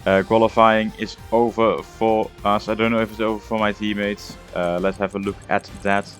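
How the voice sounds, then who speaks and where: Male gaming host, low voice, laid-back play-by-play with many "uh"s, soft music under him. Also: flat delivery, moderate pace. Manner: hesitant, full of "uh" and "um" fillers. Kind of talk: casual gameplay commentary.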